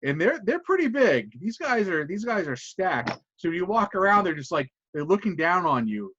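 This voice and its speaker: Lively, higher-voiced male game master. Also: normal speed, few pauses, no echo, highs cut off. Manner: rambling, self-correcting narration. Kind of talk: narrating a tabletop game.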